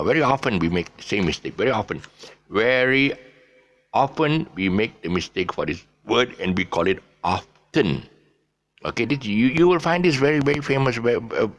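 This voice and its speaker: A middle-aged man with a Malaysian English accent gives a casual pronunciation lesson. His voice is very deep and gravelly, and his pitch swings widely as he repeats example words in a chatty, easygoing way. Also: a bit bright.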